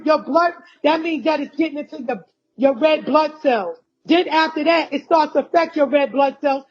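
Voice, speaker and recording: A woman from the United States giving a heated, accusatory monologue to her followers, repeating herself and calling out to them directly. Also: sits high. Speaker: vlogger addressing followers. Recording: dull lo-fi recording.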